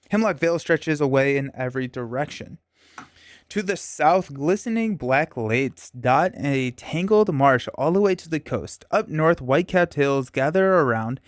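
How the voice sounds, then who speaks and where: A man's voice: medium pitch, no room sound, clean studio sound. A man hosting a solo board game playthrough, reading the story text aloud with stumbles, self-corrections and casual asides. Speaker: board game channel host.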